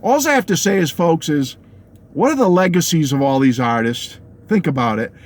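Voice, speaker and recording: Speaking at a moderate pace in a fairly high, expressive voice, a middle-aged music vlogger with a New England accent shares his opinions on music straight to camera. His tone is casual, he laughs a lot, and he keeps checking in with his viewers.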